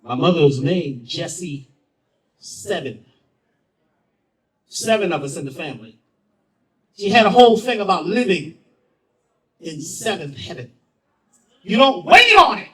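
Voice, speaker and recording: Male spoken-word storyteller, high-pitched and very animated, dramatic swings in volume, set back from the mic. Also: unhurried, long pauses, distant mic, low-quality recording. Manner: theatrical, swings from loud to hushed, repeats phrases for effect. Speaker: spoken-word performer at a festival.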